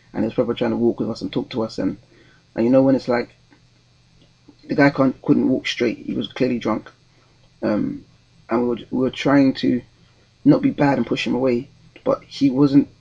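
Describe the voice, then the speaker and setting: A young London man in his 20s tells a story in a casual vlog, his delivery rambling and hesitant, full of ums and restarts. His medium-pitched voice is gravelly, husky, and darkish in tone, and the audio sounds dull.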